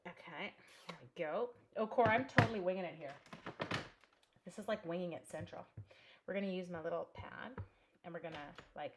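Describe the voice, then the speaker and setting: A chatty woman runs a live crafting tutorial from her home craft room, thinking aloud and greeting viewers by name while she works. Her voice is fairly low and brisk, with frequent pauses, and there's noise in the background.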